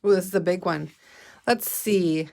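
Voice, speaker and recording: A woman teacher leading a phonics lesson, slowly sounding out word parts and encouraging her young listeners. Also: fairly low pitch, creaky, dark tone. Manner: encouraging, calls listeners "friends". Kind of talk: guided reading phonics lesson.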